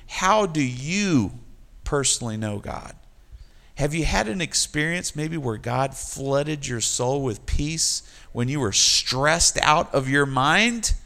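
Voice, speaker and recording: A man delivers a sermon at an unhurried pace, his voice gravelly and slightly high. He speaks directly to the congregation and leans into emphatic, repeated refrains. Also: pushed and bright. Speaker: pastor.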